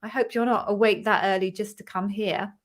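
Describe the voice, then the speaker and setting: A woman's voice: mid-range voice, fairly even intonation, brisk. English woman chatting to her live stream, upbeat, says hi to everyone by name. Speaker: interview coach hosting a live Q&A. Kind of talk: casual live-stream chat. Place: home office with a ring light.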